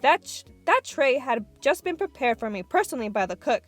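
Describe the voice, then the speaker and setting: A woman's voice: high voice, very animated, fairly quick, soft background music. A woman voicing a bellowing, tyrannical female headmistress in an audiobook reading, hurling harsh insults. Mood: ranting.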